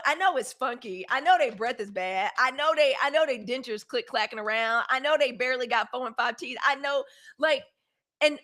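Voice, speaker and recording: A woman from Mississippi, hosting a live news stream and talking casually to her viewers. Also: high voice. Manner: animated, talks to her chat, swings loud and soft. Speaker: host.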